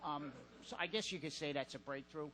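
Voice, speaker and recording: A man doing a stand-up set in a comedy club, deadpan and halting with fillers. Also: on the high side, faint music behind, poor audio.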